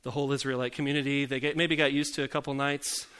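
Bright-voiced joking pastor man. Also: medium pitch, little pitch movement, fast, clean tone. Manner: joking, self-deprecating asides; rhetorical questions to the congregation. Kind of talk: conversational sermon.

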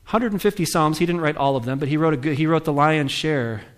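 A man's voice: a little high, fast. Conversational male pastor preaching a sermon. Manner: conversational preaching, asks the congregation questions; reads scripture aloud with rising emphasis.

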